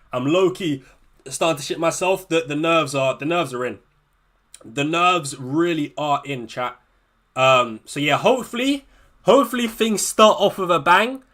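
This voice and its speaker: Guy live streaming to chat, jittery and sweary, keeps repeating himself, bright tense voice, a bit high. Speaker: fantasy football streamer.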